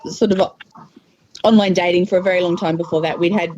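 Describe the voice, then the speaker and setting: A woman guest telling a personal story hesitantly, with many pauses and ums, over a muffled line. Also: fairly low pitch, steady tone, darkish tone. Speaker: podcast guest. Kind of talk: personal story in casual talk.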